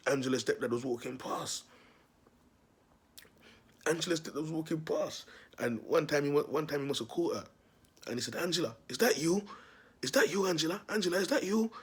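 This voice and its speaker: A young man telling a story in a casual vlog, animated and slangy, laughing often. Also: lowish voice, husky. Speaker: self-styled prophet vlogger.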